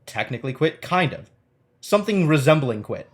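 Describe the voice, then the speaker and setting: A man's voice: a little high, moderate pace. A man streaming a game live, chatting to viewers, scolding the game and reading its story text aloud. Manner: chatty, talks back to the game and chat, animated.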